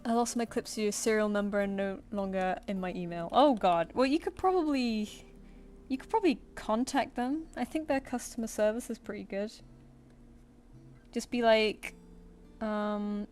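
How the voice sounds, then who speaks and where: Streaming as she draws, a woman reads and answers chat comments in a chatty, think-aloud manner. Her mid-range voice is darkish and goes at normal speed, with a little hiss or hum in the audio.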